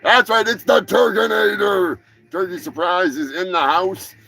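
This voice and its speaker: Brief: a man putting on a high, gravelly, foul-mouthed angry turkey, shouty and testy. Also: animated, unhurried, heavily acted. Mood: ranting. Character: foul-mouthed angry male turkey, calls humans filth.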